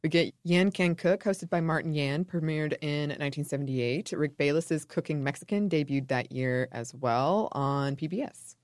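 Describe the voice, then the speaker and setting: A woman's voice: low voice, normal speed, few pauses, darkish tone, dry recording, studio quality. A woman co-hosting a podcast, chatting casually with wry asides and giggles. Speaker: podcast co-host. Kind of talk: casual conversational history chat.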